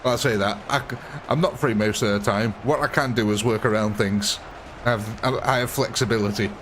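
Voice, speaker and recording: A man's voice: lowish voice, fairly even intonation, a little fast, background noise. A man hosting a gaming livestream, chatting casually with viewers and chuckling often. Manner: chatty, chuckling, answers chat. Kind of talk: casual live-stream chat.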